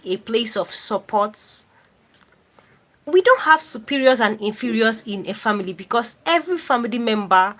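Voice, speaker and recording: A YouTube host runs a live stream, reading viewer chat comments aloud and answering them directly, repeating phrases for emphasis. Her voice is on the high side with a fairly bright tone, and the recording is rough.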